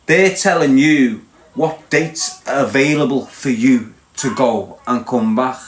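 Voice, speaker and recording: A man from Liverpool hosting a livestream talks slowly in a medium-pitched voice, ranting casually and bluntly at his live viewers. He lectures them and keeps asking if they understand, and the room he's in is echoey.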